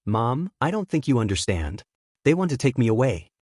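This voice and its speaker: Male reader as a scared teenage hero-in-training. Pleading, distraught, lively. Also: mid-range voice, normal speed, husky, no echo, clean studio sound.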